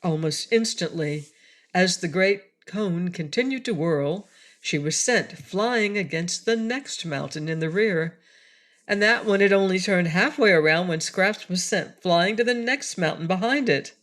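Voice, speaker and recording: Slow woman reading a storybook aloud. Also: on the low side, expressive. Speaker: audiobook reader. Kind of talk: storybook audiobook narration.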